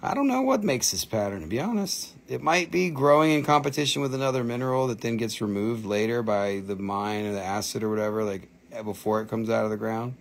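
A man's voice: on the low side, brisk, gravelly, hardly any pauses. A man hosting a live rock and mineral sale, chatting casually, joking, swearing and laughing often while slipping into funny accents. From Appalachian Valley, United States. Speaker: host selling rocks and minerals on a live stream. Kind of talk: casual live-stream sales chat.

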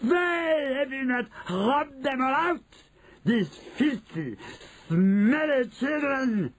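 A shrieking old witch queen who rules by terror. Her voice leaps wildly between screeches and sinister lows, with a husky edge, and she drags each word out slowly. A storybook villain through and through. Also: animated, exaggerated voice. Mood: screeching, furious. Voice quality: shrill and screeching, hissing when menacing. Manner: slow, drawn-out, commanding. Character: shrieking, tyrannical old female witch leader. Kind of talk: audiobook character voice.

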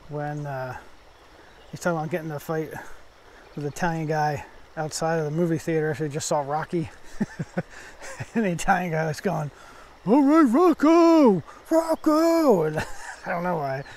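A man vlogging while fishing a creek, talking softly and fondly to each fish he lands. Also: on the high side, fairly even intonation, normal speed, long pauses, slight background noise. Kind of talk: casual outdoor fishing vlog. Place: outdoors at a shallow creek.

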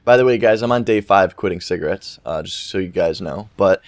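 A man's voice: fairly low pitch, a little fast, hardly any pauses, dry recording. Young male gaming YouTuber, loose rambling storytelling, dry booth-like sound. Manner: rambling, swears freely, quotes people in animated voices. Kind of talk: casual storytelling over gameplay.

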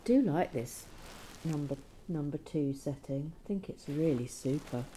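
A woman's voice: low-pitched, measured pace, mellow, slight background noise. A woman hosting a building-toy vlog, chatting casually and rambling with many fillers while she builds. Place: cold room at home.

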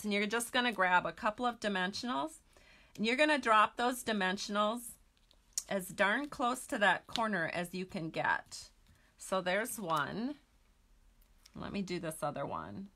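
A woman leads a friendly stamping tutorial, chatting to her audience as she works through each step. Her voice is bright and forward, and she talks in an easy, conversational way. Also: mid-range voice. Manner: chatty, talks to viewers while working. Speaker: stamping craft demonstrator. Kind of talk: casual craft tutorial.

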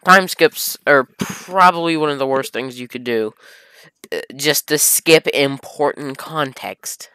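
A man's voice: medium pitch, a little slow, bright, forceful tone, clear, resonant tone, no echo. Exasperated man mocking a fan fiction. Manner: exasperated, sarcastic, swearing. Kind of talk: comedic fan fiction reading with commentary.

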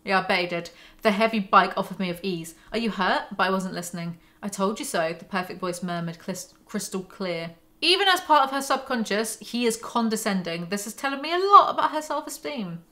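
A woman's voice: mid-range voice, lively intonation, fairly quick, few pauses, sharp tone. A woman hosting a book breakdown, reading passages aloud and adding sarcastic, mocking asides. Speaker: book commentary host.

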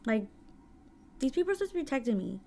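A woman's voice: sits high, sing-song, rapid-fire, vocal fry, warm tone, slight background noise. Woman, thirties, casual vlog storytelling, candid, emotional, filler-heavy. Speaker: vlogger. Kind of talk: casual storytelling while doing makeup.

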